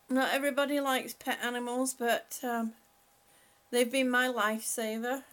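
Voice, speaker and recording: High-voiced woman rambling on a home webcam stream, slow and laughy, chatting to her pets. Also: level tone, a bit bright. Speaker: live-stream host. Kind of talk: casual live chat with viewers.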